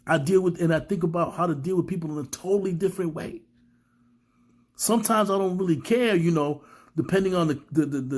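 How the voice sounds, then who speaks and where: A self-help speaker gives his viewers a casual, rambling motivational talk, repeating words and calling them "guys." His voice is on the high side, darkish and slightly rough, and he's a bit sick, with a cough.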